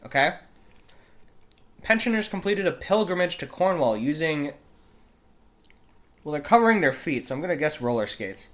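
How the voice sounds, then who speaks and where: Slightly high and a bit bright, this non-British host's voice is very animated, moving at normal speed with frequent pauses. Reading news quiz questions on his casual solo show, he swears a lot, sounds exasperated, cuts himself off, and trips over place names.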